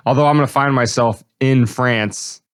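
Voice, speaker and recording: A man's voice: mid-range voice, normal speed, smooth. A man co-hosting a podcast, giving sarcastic, opinionated commentary. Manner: sarcastic, wry. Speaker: podcast co-host.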